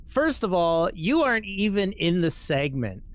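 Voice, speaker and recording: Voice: medium pitch, sing-song, unhurried. A podcast host reading a social media post aloud and mocking it, swearing casually and laughing between lines.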